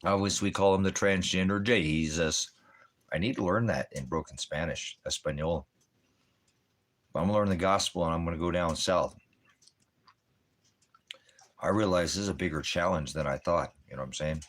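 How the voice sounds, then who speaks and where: A man's voice: deep voice, normal speed, long pauses, a bit bright. A man hosting a ministry stream from home, rambling in a casual monologue full of puns and rhyming wordplay. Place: at home with a dog and a fire.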